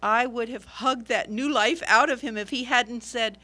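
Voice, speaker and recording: A woman's voice: on the high side, normal speed, bright, forceful tone. A woman voicing Mary, a grieving follower of Jesus, in an earnest and emotional first-person dramatic monologue. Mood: joyful. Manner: earnest, emotional, swelling at moments of wonder.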